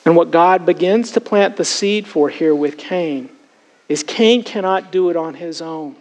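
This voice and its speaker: A man's voice: fairly high pitch, a little slow, darkish tone, poor audio. A man preaching a sermon as pastor, earnest and emphatic, often turning to address his congregation directly.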